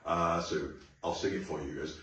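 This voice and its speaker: A man teaching a song to a class, explaining casually and bursting into loud sung phrases. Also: deep voice, fairly even intonation, a little fast. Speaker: music teacher. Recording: echoey room, mic at a distance.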